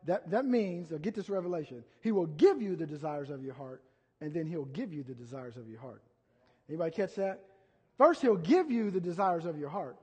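A middle-aged pastor from Ohio preaches in a folksy, rambling way, full of asides and fillers. His voice sits high for a man and has a husky edge. The sound rings out with a long reverb, as in a large church sanctuary. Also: lively intonation, a little fast, mellow. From Ohio, USA. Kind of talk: conversational sermon.

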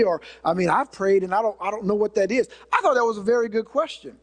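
High-voiced preacher man in a reverberant hall. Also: fast talker, few pauses. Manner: earnest, conversational preaching with repeated restarts. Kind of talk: sermon.

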